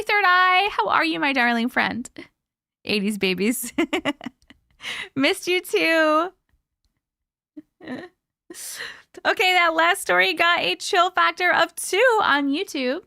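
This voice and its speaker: A woman's voice: very high-pitched, takes it slowly, gravelly, pauses often, pushed and bright, no room sound, studio quality. A woman in her early thirties, from Colorado, hosting a casual livestream and chatting with viewers while sounding tired and sleepy. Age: 30s. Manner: chatty, giggly, reads viewer comments aloud. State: sleepy, yawning. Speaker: live-stream host.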